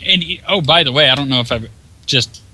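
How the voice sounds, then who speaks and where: A man's voice: a little high, brisk, sharp tone, husky, rough recording. A man giving casual gameplay commentary, ranting in a profane, exasperated way.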